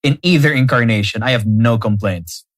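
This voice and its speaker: A man co-hosting a podcast, chatting casually in an animated way, full of fillers and restarts. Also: mid-range voice, normal speed, no echo. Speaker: podcast co-host. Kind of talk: casual chat.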